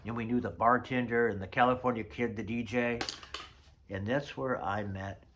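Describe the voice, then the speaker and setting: A man's voice: mid-range voice, fairly even intonation, moderate pace, fairly bright tone, a little hiss or hum. A man in his sixties telling rambling, chatty stories about old notes from his past. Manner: chatty storyteller, drifts off mid-thought. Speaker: vlogger. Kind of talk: casual reminiscing vlog.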